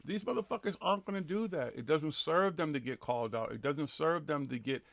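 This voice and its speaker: Fast-talking gravelly man ranting. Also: on the high side, a bit bright, dry recording. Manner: profane, ranting, laid-back slang. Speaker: host of a paranormal live radio show. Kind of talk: casual live radio chat.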